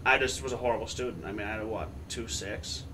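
A man's voice: fairly low pitch, fast talker, bright, forceful tone. A young man in casual chat, joking about his school days and swearing freely. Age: young adult.

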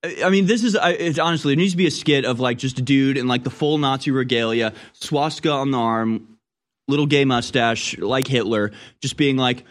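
A man's voice: medium pitch, brisk. A man hosting talk radio, reading news and mocking it with sarcastic commentary that often trails off.

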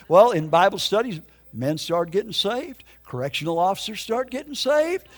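A man's voice: high-pitched, sing-song, moderate pace. An older man preaching his testimony in an emphatic, folksy storytelling way. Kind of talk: sermon testimony.

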